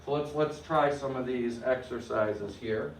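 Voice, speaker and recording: A man's voice: mid-range voice, unhurried, vocal fry, slight background noise. A man teaching a Spanish class, explaining grammar step by step and often checking that students follow. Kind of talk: classroom lecture. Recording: echoey room, mic at a distance.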